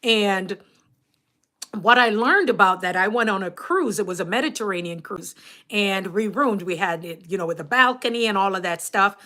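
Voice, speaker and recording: A woman with a Jamaican accent, hosting a casual livestream and chatting to her viewers, animated and laughing often. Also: medium pitch, moderate pace. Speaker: YouTube coach and livestream host.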